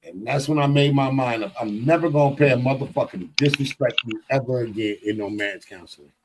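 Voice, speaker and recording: A middle-aged man co-hosting a podcast, telling stories in blunt, profane, animated casual chat. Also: medium pitch, fast, noisy background. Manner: blunt and emphatic. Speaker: podcast co-host.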